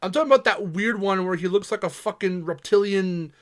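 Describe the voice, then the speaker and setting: A man's voice: sits high, brisk. A young man in casual podcast chat, laid-back, laughing often and swearing freely. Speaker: podcast co-host.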